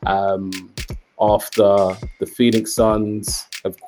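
A man's voice: lowish voice, level tone, slow pace, a little mellow, slight background noise. A man with a British accent hosting a casual basketball podcast, bantering and laughing easily over a video call. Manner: banter-heavy, laughs often. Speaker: podcast host. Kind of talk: casual chat.

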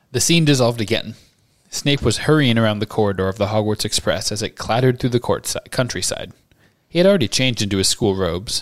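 Low-voiced man reading aloud. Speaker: podcast host and reader. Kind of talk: book reading and discussion.

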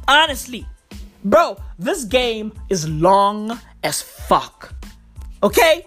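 A woman's voice: medium pitch, very animated, slow pace, a bit bright, soft background music. A woman delivering a profane comic rant, emphatic and swearing constantly, peppered with "bro.". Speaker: vlogger.

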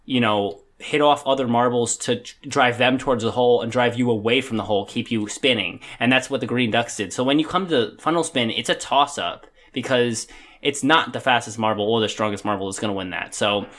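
In a mid-range, fairly bright voice, a young podcast co-host talks at a fairly quick clip. His casual conversation meanders, marked by hesitation and repeated restarts.

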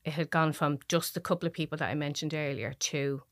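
A middle-aged Irish woman speaks in a low, dry-sounding voice, recounting a personal story as a podcast guest. She talks in halting, emotional bursts with restarts. The recording is close and dry. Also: steady tone, dry recording. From Dublin, Ireland.

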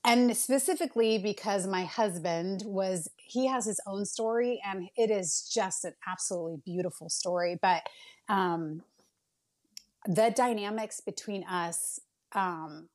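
A woman's voice: medium pitch, unhurried, a little mellow. A woman in her late thirties, a podcast guest telling a candid personal story in an earnest, emotional way with many fillers and restarts.

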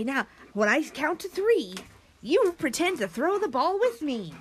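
A woman hosts a children's lesson with a high voice that leaps up and down. She talks slowly and in a sing-song way to the young listeners. There is a faint hiss behind her. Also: big pitch swings. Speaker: children's show host.

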